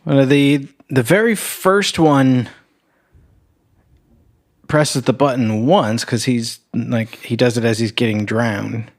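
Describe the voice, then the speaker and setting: Guy chatting about a movie on a podcast, lots of uhs and likes, average-pitched voice. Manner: hesitant, halting, lots of fillers. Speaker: podcast co-host. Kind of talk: casual movie chat.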